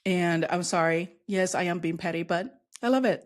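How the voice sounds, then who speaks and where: A woman's voice: fairly low pitch, normal speed, hardly any pauses. Sassy, gleeful American woman vlogger. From United States. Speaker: vlogger reacting to news. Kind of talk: casual reaction commentary.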